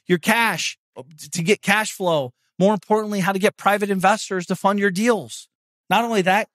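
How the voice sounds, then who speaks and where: A man hosting a podcast delivers a brash, swearing pep talk in a casual monologue. His voice sits a little high for a man. The sound is dry and close, with no room around it. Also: dry recording. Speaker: podcast host.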